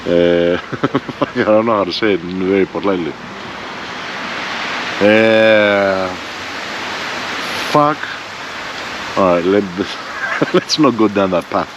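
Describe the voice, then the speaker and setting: A man's voice: low-pitched, takes it slowly, long pauses. Profane, blunt man in his forties. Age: 40s. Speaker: motorbike vlogger. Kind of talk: casual ranting vlog. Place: outdoors with a motorbike. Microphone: bike-mounted front camera. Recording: dull lo-fi sound, faint vehicle noise.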